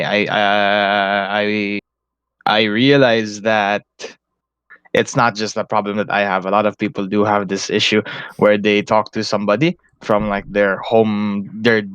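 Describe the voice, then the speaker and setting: Low, smooth young Filipino man chatting. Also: level tone, unhurried, a bit bright, no room sound, dull audio. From Philippines. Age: young adult. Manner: rambling, swears a lot, laughs often. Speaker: podcast co-host. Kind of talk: casual chat.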